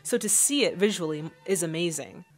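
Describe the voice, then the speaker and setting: A woman's voice: fairly low pitch, lively intonation, fairly quick, faint music behind. A woman hosting a casual movie reaction, chatting and thinking aloud as the film plays.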